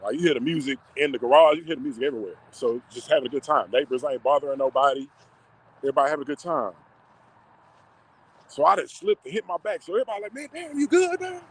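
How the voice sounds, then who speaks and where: A man's voice: medium pitch, quick pace, husky, poor audio. Slangy, emotional man telling a story. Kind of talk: personal storytelling to camera.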